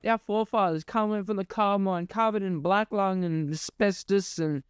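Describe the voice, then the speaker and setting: Young male host, exasperated sarcastic monologue, clean crisp delivery, dry booth sound. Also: high voice, fairly even intonation, normal speed, no room sound. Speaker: podcast host. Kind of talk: ranting monologue.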